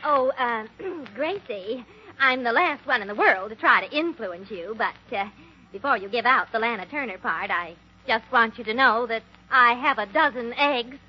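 A husky, somewhat high voice of a sly, scheming older woman, talking in a coy, wheedling, hesitant way. It is a dull-sounding 1940s radio comedy broadcast. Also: animated, moderate pace.

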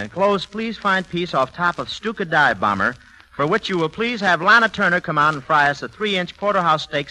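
A man's voice: sits high, sharp tone, low-quality recording. Wisecracking man hosting old radio comedy. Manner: wisecracking, punchy joke delivery. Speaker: host of a radio variety show. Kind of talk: 1940s radio comedy banter. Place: stage before a live audience.

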